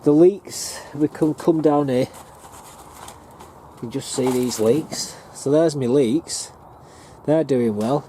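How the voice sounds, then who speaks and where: A man's voice: mid-range voice, slow, long pauses, dark tone. Chatty northern English man outdoors. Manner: chatty, rambling, plain-spoken. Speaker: allotment gardener and vlogger. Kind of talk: casual walking tour. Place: outdoor allotment plot. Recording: faint outdoor background noise.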